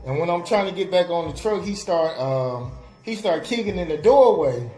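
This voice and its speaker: A man's voice: a little high, animated, moderate pace, mellow. Rambling sounding man telling a story. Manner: rambling, full of fillers and acted-out quotes. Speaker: web radio host. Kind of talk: casual storytelling. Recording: roomy with faint music behind.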